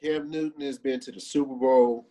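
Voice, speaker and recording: A man co-hosting a sports podcast, talking in a relaxed, rambling way about football. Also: mid-range voice, normal speed, rough recording. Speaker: podcast co-host. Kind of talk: casual sports talk.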